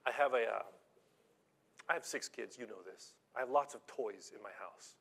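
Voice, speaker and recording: A man preaching a sermon in a conversational storytelling way, with halting restarts and slow, deliberate emphasis on key phrases. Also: mid-range voice, gravelly, fairly bright tone, breathy edge. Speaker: pastor.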